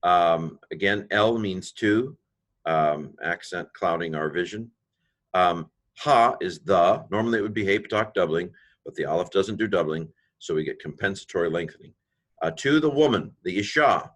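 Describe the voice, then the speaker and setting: A man giving an informal grammar lecture, thinking aloud with many fillers and slowing down to stress key phrases. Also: low-pitched, expressive, a bit bright. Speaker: teacher.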